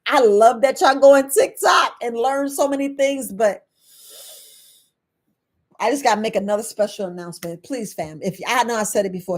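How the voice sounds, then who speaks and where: Lively woman herbalist talking to viewers. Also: on the high side. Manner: animated, laughing, acts out quoted people in a raised voice. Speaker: herbalist host. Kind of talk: casual talk to viewers.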